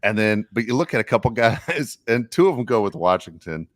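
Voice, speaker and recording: Deep-voiced middle-aged man telling stories. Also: brisk, no room sound, studio quality. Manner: animated storyteller, acts out quotes. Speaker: podcast co-host. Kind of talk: casual sports chat.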